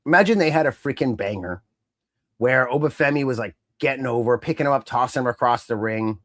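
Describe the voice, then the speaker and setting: A man co-hosting a podcast in casual wrestling chat, animated and acting out wrestlers' lines in mimicking voices. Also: medium pitch, brisk, no room sound, clean studio sound. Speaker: podcast co-host.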